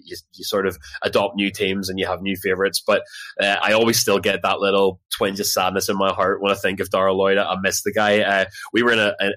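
A man's voice: low voice, bright, forceful tone, no room sound. A man co-hosting a casual sports podcast, fondly reminiscing and laughing easily. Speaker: podcast co-host. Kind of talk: casual chat.

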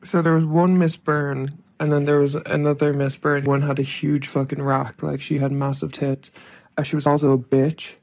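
A man's voice: fairly high pitch, level tone, normal speed, gravelly, darkish tone. A man sending in a voice note, telling a crude story in a blunt, offhand way. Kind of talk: casual storytelling.

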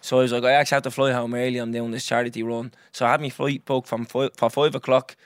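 A young Irish man hosting a podcast, telling a story in a lively, swearing, casual way and acting out what others said. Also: mid-range voice, fast, clean tone, dry recording, studio quality. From Ireland. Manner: animated, swears freely, acts out others' lines. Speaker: podcast host.

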